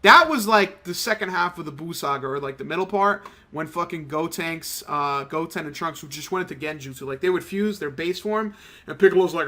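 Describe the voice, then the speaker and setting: A young man rambles through a let's-play, excitable and profane as he drifts between the game and side rants. His voice sits a little high with a bright, sharp edge. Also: brisk. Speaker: gaming channel host. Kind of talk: casual let's-play commentary.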